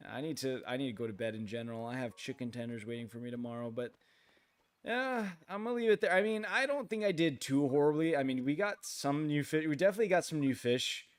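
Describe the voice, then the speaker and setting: Late at night, a tired young man streams a game, talking haltingly and rambling with plenty of fillers and restarts. His mid-range voice stays animated.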